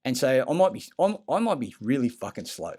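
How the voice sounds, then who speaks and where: Brief: man, mid-pitched, rambling conspiracy monologue, swears a lot, stumbles and restarts. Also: very animated, darkish tone, breathy edge. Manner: profane, halting, many fillers and restarts. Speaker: conspiracy talker.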